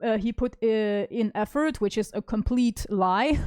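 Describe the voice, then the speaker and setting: A woman's voice: fairly high pitch, takes it slowly, a little mellow, no room sound, studio quality. A woman streaming as a vtuber, talking casually and rambling with lots of fillers and restarts. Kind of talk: casual stream talk reading chat messages.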